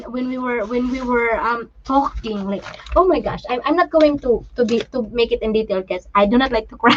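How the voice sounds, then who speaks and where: A woman hosting a casual live chat, talking in a halting, emotional way with many restarts while she shows things to the camera. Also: fairly high pitch, lo-fi sound, a little hiss or hum. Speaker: livestream host and parent.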